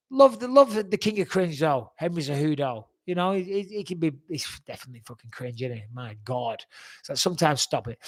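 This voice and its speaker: A man's voice: a little high, a bit bright. A man in his forties, answering fan questions in a blunt, rambling way and swearing freely. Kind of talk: casual fan Q&A.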